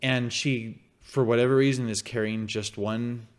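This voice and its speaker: Man, middle pitch, podcast co-host, relaxed agreeable chat, quick quips. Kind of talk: casual movie review chat.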